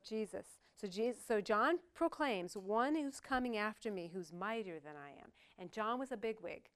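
A woman's voice: medium pitch, lively intonation, moderate pace. Older woman preaching, chatty and joking. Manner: conversational, joking asides to the congregation. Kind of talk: sermon.

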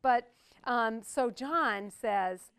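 A woman's voice: on the high side, extremely slow, a bit bright, clean tone. Older woman preaching, chatty and joking. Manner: conversational, joking asides to the congregation. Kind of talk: sermon.

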